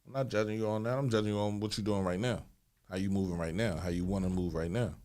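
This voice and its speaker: A man's voice: lowish voice, fairly even intonation, fast, darkish tone. A man in his forties co-hosting a candid podcast conversation, talking in a loose, slangy way and often repeating himself as he thinks aloud. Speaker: podcast co-host.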